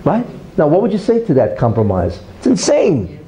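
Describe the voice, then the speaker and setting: A man giving an informal religious talk in an animated, rhetorical way, often checking in with "right?" and "you see". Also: fairly high pitch, brisk, poor audio.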